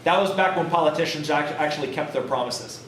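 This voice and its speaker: Against a noisy background, a man with a fairly high pitch talks fast through a lighthearted college history lecture, acting out historical figures. The classroom is echoey and he is recorded from far away.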